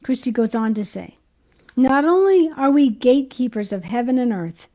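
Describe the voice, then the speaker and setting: A woman giving an informal Christian teaching, talking excitedly and chatting to her viewers while she hunts for her notes. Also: fairly high pitch, normal speed, poor audio. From United States.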